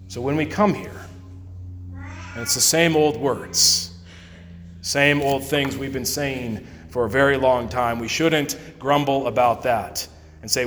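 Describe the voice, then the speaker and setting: A man preaching a sermon as pastor, slow and measured, quoting scripture in a church sanctuary. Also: medium pitch, a bit bright. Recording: long church reverb.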